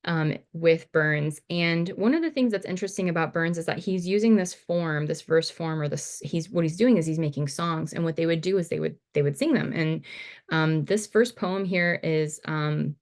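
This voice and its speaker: A woman teaching over slides in a relaxed, casual manner, full of fillers and restarts. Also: sits low, normal speed. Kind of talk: recorded slide lecture.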